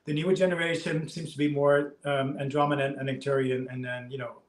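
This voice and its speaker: A man in his fifties speaks at a medium pitch in a relaxed, easygoing way. He is the guest in a casual interview chat. His voice rings out in an echoey room. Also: a little fast. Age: 50s. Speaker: past life regression hypnotist guest.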